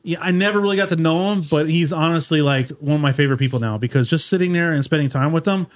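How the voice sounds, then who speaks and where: A man hosting a casual podcast in a garage, telling stories in a rambling way with restarts. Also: fast. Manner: rambling storyteller, imitates others with raised pitch. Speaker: podcast host.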